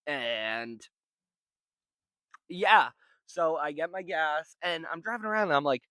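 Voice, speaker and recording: Young guy rambling thru a story w lots of swearing, dry close sound, kinda high voice. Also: slow, dry recording. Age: young adult. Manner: profane, rambling and animated. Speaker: vlogger. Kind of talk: casual storytelling.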